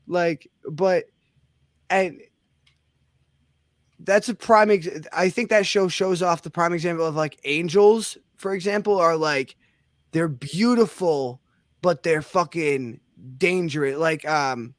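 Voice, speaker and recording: Rambling young man, fairly high voice. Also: slow, no echo. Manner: rambling, restarts often, swears casually. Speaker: host. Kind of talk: casual chat.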